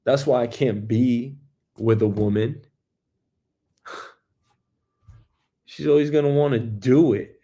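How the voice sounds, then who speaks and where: A man in his thirties hosting his own show, talking in a rambling, jokey monologue with swearing and sudden loud bursts. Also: mid-range voice, slow, long pauses, husky. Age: 30s. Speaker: host. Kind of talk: casual solo monologue.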